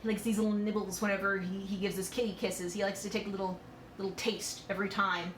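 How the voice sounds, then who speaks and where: A woman's voice: medium pitch, flat delivery, fast, reverberant, slight background noise, rough recording. A woman chatting casually while she cooks in her home kitchen, swearing and laughing about her pets. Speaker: cooking streamer. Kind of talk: casual chat while cooking.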